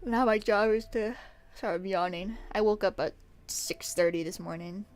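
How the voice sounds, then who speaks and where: A woman streamer chatting casually to her viewers on a work-along stream, bubbly and quick to giggle. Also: mid-range voice, soft background music.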